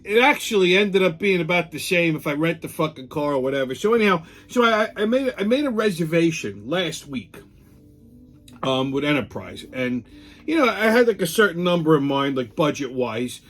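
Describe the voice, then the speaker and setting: A man's voice: fairly high pitch, very animated, normal speed, fairly bright tone, faint music behind. A middle-aged man, hosting a casual monologue show, blunt, profane and ranting. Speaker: podcast host.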